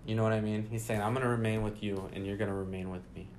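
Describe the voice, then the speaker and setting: A man's voice: lowish voice, flat delivery, very fast, darkish tone, a little hiss or hum. A man leading a casual Bible study, reading passages aloud and then explaining them in his own words. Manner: reads scripture aloud then explains it conversationally.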